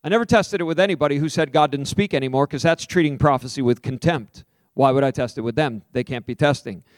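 An American man preaching a sermon emphatically, with sudden high swings and drawn-out stressed words. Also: no echo, clean studio sound.

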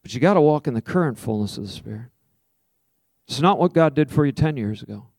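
A man, a minister, preaching a sermon, telling a personal story with lively acted-out quotes and then softly leading a slow, prayerful invitation. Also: medium pitch, dry recording, clean studio sound. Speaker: pastor.

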